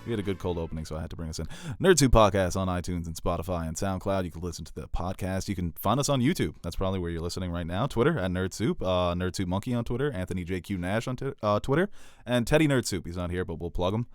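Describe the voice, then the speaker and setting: Deep-voiced joking podcast host. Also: male voice, lively intonation, fast talker, dry recording, clean studio sound. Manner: joking, teasing co-hosts, swears casually. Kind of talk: casual chat.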